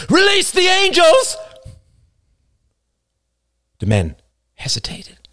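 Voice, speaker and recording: A man narrating a novel as an audiobook, slow, deliberate and dramatic. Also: lowish voice, no echo, studio quality.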